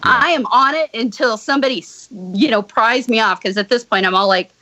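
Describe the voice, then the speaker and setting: A woman guest on a podcast, casually telling a true story with blunt, profane, animated delivery. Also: fairly high pitch, a little fast, dry recording, poor audio. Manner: blunt, swears freely, animated retelling.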